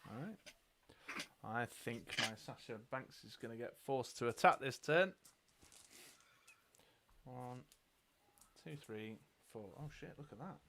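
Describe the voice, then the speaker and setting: A man's voice: mid-range voice, animated, measured pace, long pauses, background noise. A British man co-hosting a live tabletop dice game, casually thinking aloud as he reads cards and counts dice. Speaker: game show co-host.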